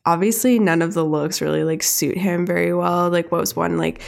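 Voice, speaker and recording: Young woman podcast co-host, slightly low voice, filler-heavy casual chat. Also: moderate pace, vocal fry. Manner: heavy use of "like" fillers, chatty and animated. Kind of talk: casual chat retelling a cartoon episode.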